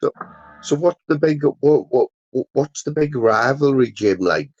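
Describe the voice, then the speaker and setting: A man's voice: medium pitch, lively intonation, a little slow, a little mellow, breathy edge, highs cut off. A man hosting a casual interview, prodding his guest and repeating his questions.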